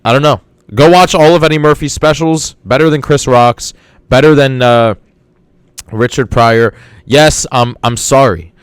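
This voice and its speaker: A man's voice: mid-range voice, measured pace, smooth, no echo. Man, podcast host, casual monologue, rambling, enthusiastic, mid-range voice, dry close sound. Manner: rambling, repeats words, enthusiastic.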